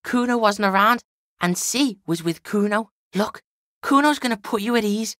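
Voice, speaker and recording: A woman's voice: mid-range voice, moderate pace, a bit bright, no echo, studio quality, close to an everyday voice. A woman voicing a foul-mouthed, cocky young street boy who brags and talks about himself in the third person. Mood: gossiping. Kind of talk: video game character acting.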